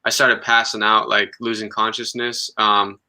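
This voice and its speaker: A young man in his twenties talks in a casual interview with a very bright, forward tone. His pitch stays flat and even, and he stumbles through restarts and filler words. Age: 20s. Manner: halting, many ums and restarts. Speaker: guest musician.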